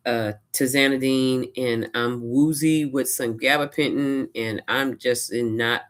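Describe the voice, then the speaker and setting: A woman from Louisiana, her voice unusually deep for a woman. She talks casually to her vlog camera, retelling events with lively quoted asides. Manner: chatty, animated retelling with quoted asides and laughs. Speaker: vlogger. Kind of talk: casual personal storytelling.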